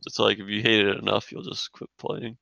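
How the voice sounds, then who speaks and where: A man's voice: on the low side, flat delivery, brisk, gravelly, pushed and bright, highs cut off, slight background noise. A man in casual gaming podcast banter, laid-back, laughing often and saying dude a lot. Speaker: podcast co-host.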